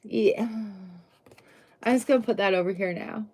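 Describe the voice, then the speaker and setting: A woman's voice: mid-range voice, moderate pace, a little mellow. A middle-aged woman doing a casual, chatty tarot reading on a live stream, full of upbeat exclamations. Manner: chatty, upbeat, exclamations and little sung bits.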